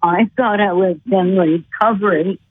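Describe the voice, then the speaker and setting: Slow, husky woman on a phone line. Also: medium pitch. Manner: slow, earnest storytelling. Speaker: guest. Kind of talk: storytelling on a call-in show. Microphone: telephone.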